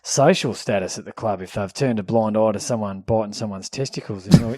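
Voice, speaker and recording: An Australian man co-hosting a comedy podcast, dropping deadpan asides and quick reactions. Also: on the low side. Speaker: podcast co-host. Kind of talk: casual banter.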